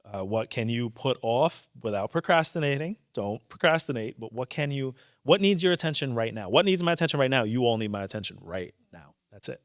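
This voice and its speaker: An animated man in his thirties with a New York accent, sharing stories on stage in a candid, earnest way. His voice sounds dry and close, with pitch that swings up as he gets caught up in the telling. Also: a little fast, few pauses, dry recording. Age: 30s. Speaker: judge. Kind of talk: conversational storytelling on stage.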